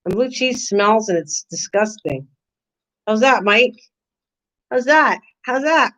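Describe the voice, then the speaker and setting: A woman's voice: on the high side, lively intonation, measured pace, long pauses, a bit bright, poor audio. An older woman hosting a casual live stream, chatting in a teasing way and answering her viewers' comments. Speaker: channel host.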